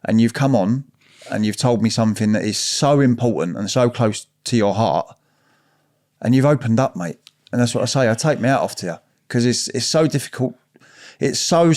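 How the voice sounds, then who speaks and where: A man's voice: medium pitch, a little fast, a little mellow. A man hosting a podcast, earnest and blunt, often repeating himself for emphasis. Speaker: podcast host. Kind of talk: casual podcast interview.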